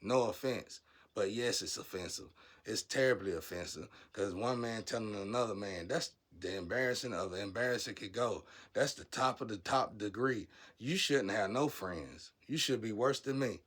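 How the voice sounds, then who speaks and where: A man vlogging a blunt, profane rant, scolding his viewers and swinging from low muttering to loud shouting. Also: moderate pace. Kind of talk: ranting monologue to camera.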